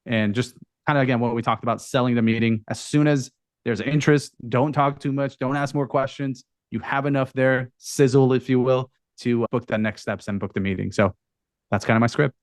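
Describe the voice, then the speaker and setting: Male guest expert, mid pitch, halting and self-correcting, dry close sound. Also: fairly even intonation, no echo. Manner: hesitant, repeats words, hedges. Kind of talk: casual conversational advice.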